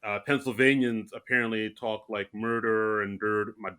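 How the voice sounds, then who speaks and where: Male podcast co-host, bright tone, animated and self-mocking, casual chat. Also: lowish voice, moderate pace, smooth. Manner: animated, self-mocking, talks in bursts with restarts.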